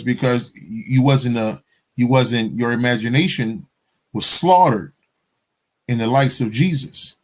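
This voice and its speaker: Give me a man rambling through a personal story, casual and full of swearing. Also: medium pitch. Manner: profane, rambling, keeps asking "you understand?". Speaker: spiritual vlogger.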